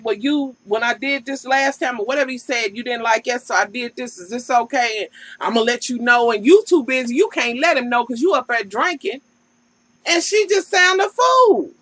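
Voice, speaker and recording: A woman's voice: high-pitched, a bit bright, slightly rough, no room sound, rough recording. A woman vlogger giving a sassy, profane, casual recap of a reality TV show and talking straight to the cast.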